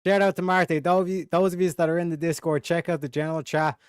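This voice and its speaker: A man's voice: fairly high pitch, steady tone, fast talker, clear, resonant tone, no echo, clean studio sound. A man hosting a casual livestream, reading out chat names and swearing freely. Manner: profane, drawling shout-outs to chat. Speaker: livestream host.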